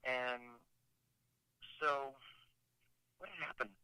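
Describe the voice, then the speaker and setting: A man's voice: medium pitch, little pitch movement, very slow, pushed and bright, clean tone, no room sound, rough recording. A man, a rock singer calling in as a guest, telling stories in a rambling way with many restarts and asides. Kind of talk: casual interview storytelling.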